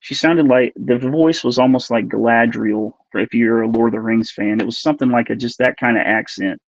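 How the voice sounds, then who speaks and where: A man in his forties tells his story earnestly, stopping and restarting as he hunts for the right words. His voice sits at a middling pitch. The recording is dull, lo-fi and dry, with no room sound. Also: no room sound. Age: 40s. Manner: earnest, halting, searching for words. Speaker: podcast guest. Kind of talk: recounting a personal experience.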